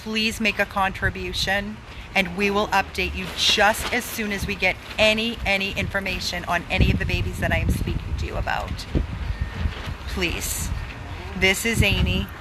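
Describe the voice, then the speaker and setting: A woman's voice: medium pitch, steady tone, normal speed, heavy background noise. A woman who runs an animal rescue, pleading for donations, emphatic and repeating words for stress. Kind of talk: pleading fundraising appeal.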